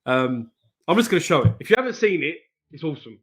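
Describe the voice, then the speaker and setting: A man hosts a live stream in an easy, matey way. His voice sits a little high for a man. He swears freely, laughs often and greets each viewer by name. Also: sing-song, fast, slight background noise. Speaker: host of a live trading stream. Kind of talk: casual live-stream chat.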